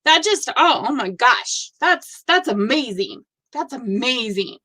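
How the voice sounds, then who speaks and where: A woman in her fifties hosting a casual live stream, gushing warmly over viewers' work with effusive reactions. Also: sits high, animated, a little slow. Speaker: host of a live stitching show.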